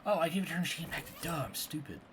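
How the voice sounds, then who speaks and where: A man's voice: a little high, big pitch swings, rapid-fire, fairly bright tone. A man playing a video game, reading its text aloud and adding offhand asides. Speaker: game streamer. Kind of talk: let's play commentary. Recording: background noise.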